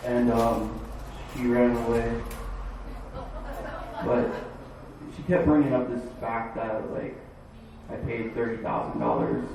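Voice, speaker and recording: A man from Florida doing a stand-up comedy set in a dive bar, with a halting, rambling delivery full of fillers. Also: medium pitch, very echoey, recorded from a distance, background noise. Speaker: stand-up comic.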